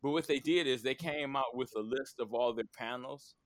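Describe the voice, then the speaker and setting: A man hosting a podcast, talking in an animated, rambling way in casual chat. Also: medium pitch, normal speed, dry recording, clean studio sound. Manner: animated, rambling, lots of fillers and laughs. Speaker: podcast host.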